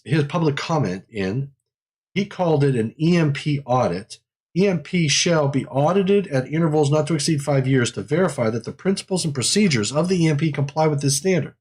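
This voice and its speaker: A man's voice: fairly high pitch, a little mellow, breathy edge. A man hosting a live technical webinar in a casual way. He rambles, repeats phrases and laughs often. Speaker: livestream host.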